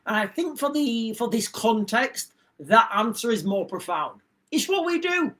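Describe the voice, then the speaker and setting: A man's voice: very high voice, big pitch swings, unhurried, bright, forceful tone. Rambling man ranting on stream. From England. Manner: rambling, repeats himself, self-interrupting. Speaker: live streamer. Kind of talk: casual livestream rant.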